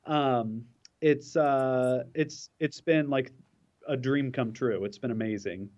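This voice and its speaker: A man, an actor, chatting in an interview with a halting, filler-heavy way of talking. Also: medium pitch, darkish tone, lo-fi sound. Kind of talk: casual interview chat.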